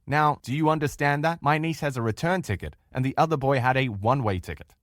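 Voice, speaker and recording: A man's voice: mid-range voice, quick pace, few pauses, dry recording, studio quality. Earnest Australian man giving a lecture. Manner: earnest, emphatic, speaks directly to listeners. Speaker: relationship course instructor. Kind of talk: recorded lecture.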